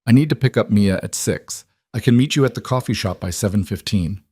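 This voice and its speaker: A man playing a stubborn single dad, low and blunt, keep it clipped and dry. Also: fairly quick, a little mellow, breathy edge, no echo. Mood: resolute. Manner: clipped, confrontational.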